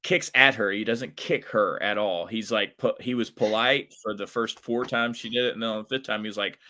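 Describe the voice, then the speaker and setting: Bright-voiced man telling a story. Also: fairly low pitch, brisk. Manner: animated, chatty, lots of fillers. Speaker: professional wrestler, guest. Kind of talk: casual storytelling in an interview.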